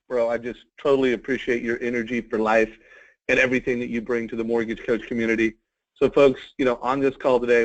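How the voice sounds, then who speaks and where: A man's voice: mid-range voice, muffled recording. A man hosting an interview on a call, speaking with enthusiasm and many fillers. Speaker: interview host. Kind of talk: interview host wrap-up. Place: call or webinar.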